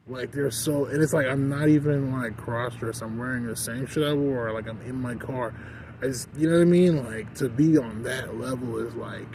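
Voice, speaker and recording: A man talks straight to camera in a loose, rambling rant, with a voice at an ordinary middle pitch. He swears freely and leans on "like" and "you know what I mean" constantly. Clear background noise and passing vehicles run under the whole recording. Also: a little fast, a little mellow, poor audio. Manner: rambling, profane, constant "like" fillers. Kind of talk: casual rant vlog.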